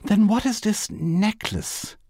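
A man reading a story aloud, voicing a large, jealous wife who booms out her accusations. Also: slow pace, a little mellow, no echo, studio quality, heavily acted. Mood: accusing. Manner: booming, accusing.

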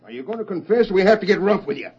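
A gruff frontier sheriff who talks roughly and threateningly. His voice sits high. The sound is muffled, like a 1930s radio drama. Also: lively intonation, rapid-fire, darkish tone, full character voice. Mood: menacing.

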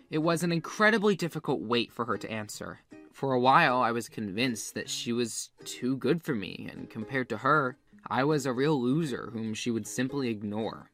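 A man's voice: mid-range voice, sharp tone. A man telling a first-person story as scripted, earnest confessional narration. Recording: faint music behind the voice.

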